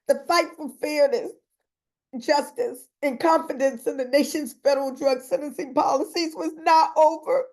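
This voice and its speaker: A woman's voice: high voice, moderate pace, darkish tone. A woman reading aloud from her own memoir in an earnest, emotional way, breaking off now and then to add personal comments. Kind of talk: reading aloud with spontaneous asides.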